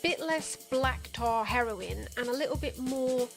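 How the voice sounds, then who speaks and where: A woman's voice: fairly high pitch, measured pace, vocal fry, over music. A woman narrating a satirical commentary in a sarcastic, profane, joking manner. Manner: sarcastic, profane, deadpan jokes. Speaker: video essayist.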